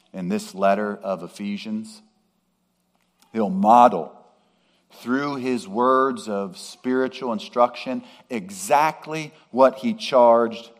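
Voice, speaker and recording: A male pastor delivers an expository sermon in a lower-pitched voice. He takes his time with each phrase and pushes up hard on the words he wants to stress. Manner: measured preaching with emphatic rises on key words.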